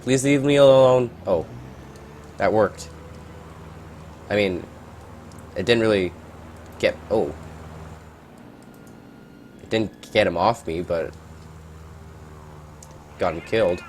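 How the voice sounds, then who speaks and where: A man giving casual, rambling gameplay commentary, reacting out loud and swearing at surprises. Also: deep voice, slow pace, long pauses, a little hiss or hum.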